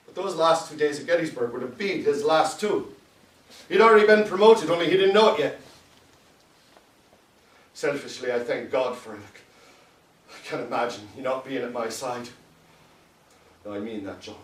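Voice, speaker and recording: An actor playing a proud Civil War captain in a theatrical stage monologue, telling war stories and breaking into shouted quotes. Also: male voice, mid-range voice, a little hiss or hum, natural voice. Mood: proud, wistful. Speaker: actor in a one-man stage play. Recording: roomy, distant stage recording.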